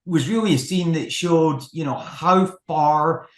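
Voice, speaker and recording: A man's voice: fairly high pitch, measured pace. A man speaking as a guest in a casual interview, hesitant, with many ums and restarts. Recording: echoey room.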